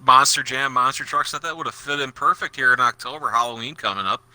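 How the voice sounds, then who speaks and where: Bright, dry-sounding sardonic co-host. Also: male voice, medium pitch, fast talker, no room sound. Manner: sardonic, crude, dry jokes. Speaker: podcast co-host. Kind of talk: casual gaming chat.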